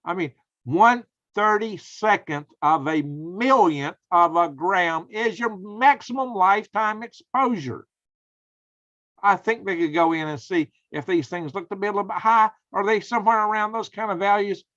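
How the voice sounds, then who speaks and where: A man's voice: high voice, normal speed, fairly bright tone. A man, hosting a casual live stream in a folksy, exclaiming way and chatting with viewers. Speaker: host. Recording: dull lo-fi sound.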